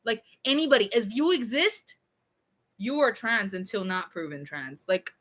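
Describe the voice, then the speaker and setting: Young woman rambling on a live stream, bright, sharp voice, kinda high, cusses a lot. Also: normal speed. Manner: rambling, animated, swears a lot. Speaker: livestreamer. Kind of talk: casual livestream chat.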